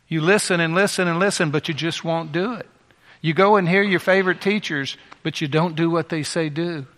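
A man's voice: fairly high pitch, a little fast, fairly bright tone. A man preaching a sermon with impassioned, emphatic repetition, heard in a large hall.

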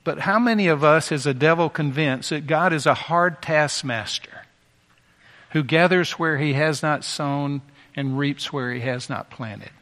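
A man's voice: a little high, measured pace, fairly bright tone. A man preaching a sermon with impassioned, emphatic repetition, heard in a large hall.

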